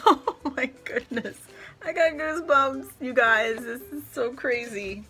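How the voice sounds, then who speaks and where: A woman's voice: high-pitched, slow pace, pushed and bright, faint music behind. A woman hosting a crafting vlog, unboxing handmade supplies with effusive, gushing exclamations. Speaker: crafting channel host.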